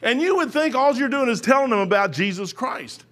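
A man's voice: very high voice, expressive, fairly quick, fairly bright tone, faint music behind. A man preaching a sermon in a folksy, rambling way, full of restarts.

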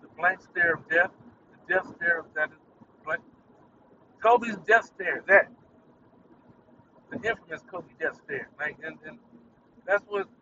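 A man's voice: a little high, fairly even intonation, measured pace, long pauses, far from the mic, lo-fi sound, noisy background. A man hosting his own podcast, ranting in a rambling, irritated, profane way. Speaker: podcast host. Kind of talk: casual solo rant.

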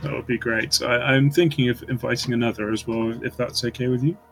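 Give me a hesitant man with a flat voice. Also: medium pitch, fast talker, gravelly, faint music behind. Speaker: player. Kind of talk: tabletop role-play.

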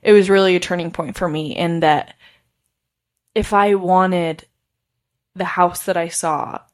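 Chatty young woman, slightly low voice. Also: steady tone, measured pace. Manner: chatty, laughs often, many fillers. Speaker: podcast host. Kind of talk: casual personal storytelling.

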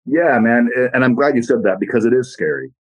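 A man as a podcast guest in casual motivational talk, blunt and profane, telling animated stories. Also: medium pitch, a little fast, low-quality recording.

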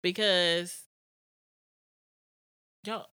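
Young female co-host, low-ish and bright, frank and reflective. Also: fairly even intonation, very slow, clean tone, no echo, studio quality. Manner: reflective, frank, laughing asides. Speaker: podcast co-host. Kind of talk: casual podcast chat.

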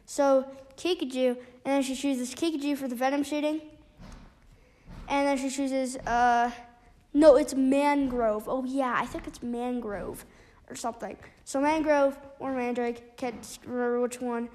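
A woman casually retelling a book's plot, halting often with restarts and fillers. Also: high voice, steady tone, dark tone. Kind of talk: casual spoken book recap.

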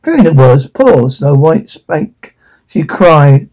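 Slow, husky man reading a rhyming tale. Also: on the high side, low-quality recording. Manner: playful, expressive. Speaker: storyteller.

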